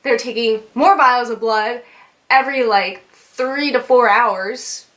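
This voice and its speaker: A young adult woman vlogger with a fairly high, slightly bright voice tells a casual storytime at a slow pace. She's chatty, with lots of fillers, laughter and swearing.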